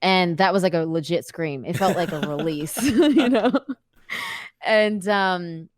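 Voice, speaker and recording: Animated woman telling a story, low voice. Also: measured pace, dry recording, clean studio sound. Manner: animated, laughing often, many fillers. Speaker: podcast guest, wrestler and actor. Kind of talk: casual storytelling interview.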